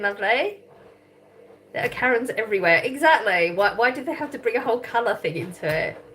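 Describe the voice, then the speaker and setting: A woman's voice: mid-range voice, very animated, moderate pace, a bit bright. A woman hosting a live chat stream, reading comments aloud and teasing people, with a lot of laughter. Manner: chatty, teasing, laughs often.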